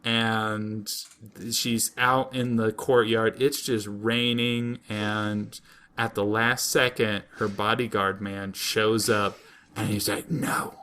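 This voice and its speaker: A man's voice: lowish voice, flat delivery, slow, a bit bright, clean tone. A man co-hosting a podcast, recapping a show in a rambling, jokey way and slipping into silly put-on voices. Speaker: podcast co-host. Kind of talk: casual comedic recap.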